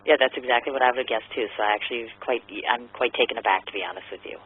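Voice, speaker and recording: A man's voice: mid-range voice, racing, husky. A man hosting an interview, asking long, roundabout questions. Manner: wordy, hedging questions. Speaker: interview host. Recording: tinny phone-like line.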